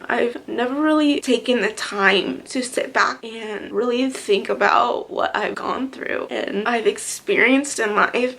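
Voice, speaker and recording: A young woman speaks straight to her camera about her year in a candid, reflective way. Her mid-pitched voice has a gravelly fry running through it, and she pauses often with soft fillers. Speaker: vlogger. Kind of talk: reflective personal talk to camera.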